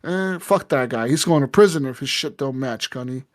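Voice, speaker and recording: A man co-hosting a podcast, telling a gaming story in a profane, animated way and acting out the people in it. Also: medium pitch, moderate pace. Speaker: podcast co-host. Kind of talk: casual chat.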